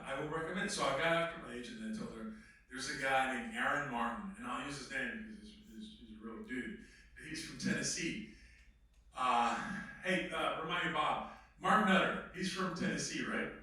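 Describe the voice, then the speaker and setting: A man's voice: medium pitch, normal speed, bright, forceful tone. A man, an actor, telling stories in an emphatic, blunt way with some swearing, as a guest at a filmmaker workshop. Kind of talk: animated storytelling in conversation. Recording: very echoey room, distant mic.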